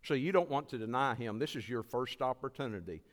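A man's voice: medium pitch, animated, fairly quick. A man preaching as a visiting evangelist, giving an earnest altar call and repeating his pleas. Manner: earnest, pleading, repeats phrases. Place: church sanctuary. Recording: long church hall reverb.

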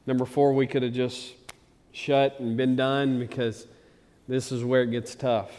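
A man preaching a sermon as pastor, moving from loud emphatic passages to low quiet ones. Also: flat delivery, a little slow, long reverb tail. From Arkansas, USA.

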